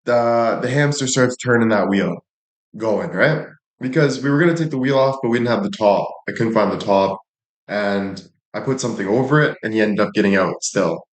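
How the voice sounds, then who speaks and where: A man's voice: lowish voice, normal speed. A young man livestreaming, telling rambling stories in a casual chat with lots of swearing. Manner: crude, rambling storytelling with frequent swearing. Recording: echoey room.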